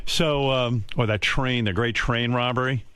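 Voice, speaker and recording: A man's voice: mid-range voice, fairly even intonation, a little slow, a bit bright, clean tone. A man hosting a radio show, telling a long story in a casual, profane, self-mocking way into a studio microphone. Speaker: radio host.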